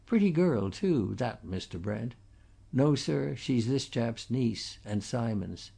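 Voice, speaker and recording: A man voicing a chatty, gossipy townsman who confides his low opinion of others in a storybook. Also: expressive, slow pace, creaky, mellow, breathy edge, heavily acted. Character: gossipy talkative man, sly and jovial.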